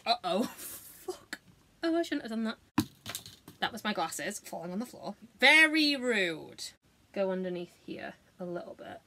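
A woman's voice: mid-range voice, sing-song, normal speed, a little hiss or hum. A woman, chatting casually through a makeup tutorial, sweary, giggly and self-mocking. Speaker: beauty vlogger.

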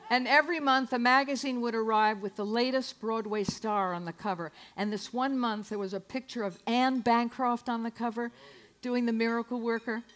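A woman in her sixties telling comic stories from her own life on a club stage, wry and self-mocking. Her voice sits somewhat high and comes through a stage mic. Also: steady tone, moderate pace, a bit bright. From San Francisco, United States. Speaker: performer. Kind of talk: comic storytelling monologue.

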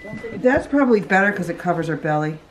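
Quick, low-voiced woman off camera. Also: sing-song. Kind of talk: casual chat. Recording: noisy home recording off camera.

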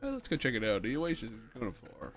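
A young man gaming with friends in casual chat, excitable and yelping loudly when in danger. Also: medium pitch, quick pace, soft background music. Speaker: gaming YouTuber.

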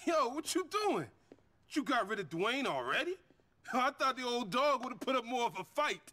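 A brash young gang boss from a crime game, talking down to a rival in street slang. His voice is bright and cutting, and his pitch swings around as he mocks. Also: big pitch swings, normal speed, heavily acted. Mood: mocking.

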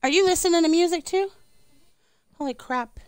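A woman's voice: very high-pitched, moderate pace, no echo. A middle-aged woman streaming a video game, chatting casually, swearing freely and now and then singing along. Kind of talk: casual gaming livestream chat.

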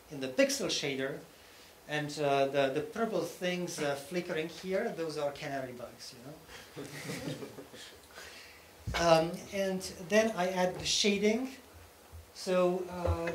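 A man presents at a technical conference, walking through each point step by step and pausing to check that the audience is following. His voice sits somewhat high. The hall around him echoes, with a faint hum of room noise beneath. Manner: explains step by step, often checking in with "okay?". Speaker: conference speaker.

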